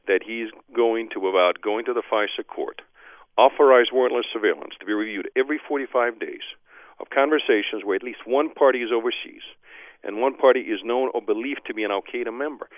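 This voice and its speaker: A man's voice: medium pitch, dry recording. A man speaking as a legal expert guest in a phone-in interview, arguing emphatically and dismissively, with frequent restarts. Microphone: telephone. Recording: tinny phone line.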